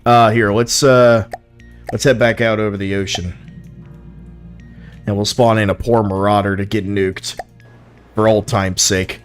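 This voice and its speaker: A man's voice: fairly low pitch, level tone, measured pace, pauses often, soft background music. A young man streaming, giving frank, profane, easily amused commentary on viewers' builds. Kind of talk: casual live-stream commentary.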